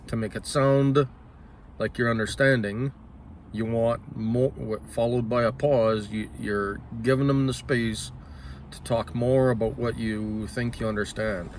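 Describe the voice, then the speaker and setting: Man, mid-pitched, casual solo talk, halting, self-correcting, frequent throat-clearing, faint background hum. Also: steady tone. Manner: halting, thinks aloud with restarts and self-corrections. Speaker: solo talker. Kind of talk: casual spoken musing.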